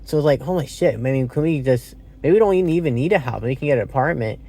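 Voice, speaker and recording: A man talks through a movie review on his own, thinking aloud and often correcting himself. His mid-pitched voice has a gravelly edge, and he drops casual swears as he goes. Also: animated, fast, mellow. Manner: rambling, thinks aloud with many fillers and self-corrections. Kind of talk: casual solo film review.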